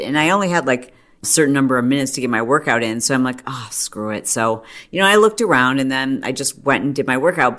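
A middle-aged woman hosting a podcast, talking in a chatty, animated way full of "like" and quick asides. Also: extremely low pitch. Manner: chatty, animated storytelling with frequent "like". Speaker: podcast host. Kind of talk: casual monologue.

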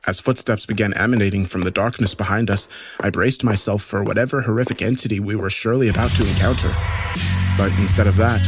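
A man's voice: lowish voice, breathy edge. A man narrating a first-person horror story in a dramatic, swearing style.

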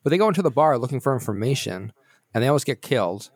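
A man's voice: medium pitch, expressive, fast, no room sound. Man, film podcast co-host, blunt wry casual talk. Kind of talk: casual movie review chat.

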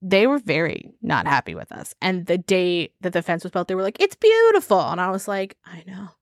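A woman co-hosting a podcast in casual chat, rambling and animated, talking with her hands at a desk mic. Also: lowish voice, fairly quick, no echo, clean studio sound. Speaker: podcast co-host. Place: home recording setup at a desk. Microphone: desk mic on a stand.

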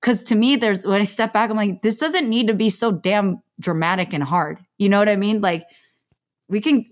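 A woman's voice: mid-range voice, normal speed. Reflective woman in her thirties, chatty. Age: 30s. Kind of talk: casual podcast chat.

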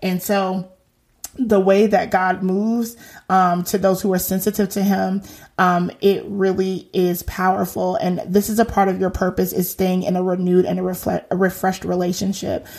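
A woman's voice: on the low side, moderate pace, creaky. Chatty woman podcast host on faith. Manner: lively, slangy and preachy. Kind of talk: casual faith talk.

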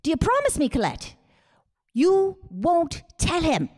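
A woman's voice: very high voice, huge pitch swings, a little slow, a little mellow, voice pushed up, exaggerated voice. A woman voicing her older mother, urgent and pleading, swearing by Jesus as she hatches a plan. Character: scheming, fervent older Irish-Canadian mother.

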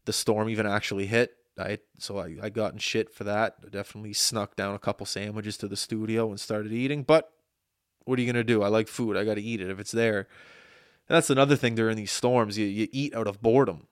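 A young man hosts his podcast in a casual, rambling monologue. His voice sits a little low and sounds smooth, and he keeps stumbling over his words and teasing himself. The recording is dry and close. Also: dry recording. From Atlantic Canada. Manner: rambling, self-deprecating storytelling with frequent restarts. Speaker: podcast host. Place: small studio.

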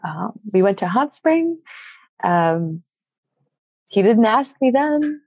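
A young adult woman, a podcast guest, telling a personal story in an animated way and acting out the dialogue. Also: mid-range voice, slow pace, slightly rough, dry recording, highs cut off.

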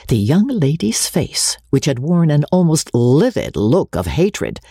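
Husky low-voiced woman reading a novel. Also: warm tone, no room sound, studio quality. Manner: dramatic, wide-ranging delivery. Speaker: audiobook reader. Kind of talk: expressive literary narration.

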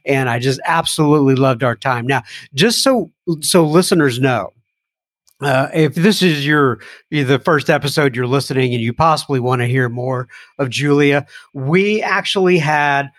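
A man hosting a recovery podcast, chatting casually and warmly, halting now and then with fillers. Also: mid-range voice, no echo, studio quality. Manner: warm, laughing, loosely halting with fillers. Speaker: podcast host. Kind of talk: casual interview chat.

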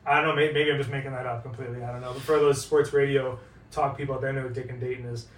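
A man from northeast Ohio co-hosting a podcast, telling stories in a lively way and swearing freely. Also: medium pitch, racing. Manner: animated storyteller, swears freely. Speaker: podcast co-host. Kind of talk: casual podcast chat. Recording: roomy, distant mic.

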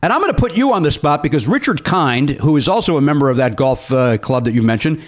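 A man's voice: a little high, expressive. A man hosting a comedy podcast, joking and bursting out in playful exaggeration. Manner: quick, jokey, exaggerated outbursts. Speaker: podcast host. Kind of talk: casual comedy podcast chat.

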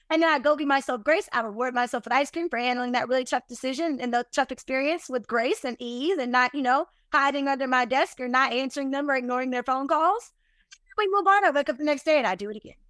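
A woman guest on a podcast, telling her business lessons in an animated, emphatic, self-deprecating way. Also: high voice, fast, dry recording, studio quality. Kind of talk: casual interview storytelling.

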